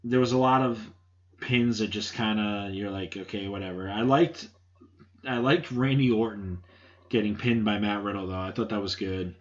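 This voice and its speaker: A man's voice: fairly low pitch, moderate pace. A man hosting a solo podcast, giving blunt, offhand opinions with casual swearing. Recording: dull lo-fi sound.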